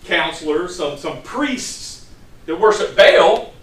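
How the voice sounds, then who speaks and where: A man's voice: high voice, expressive, slow pace, fairly bright tone. A middle-aged man preaching a sermon in a conversational, storytelling way, from a distant mic in a church hall.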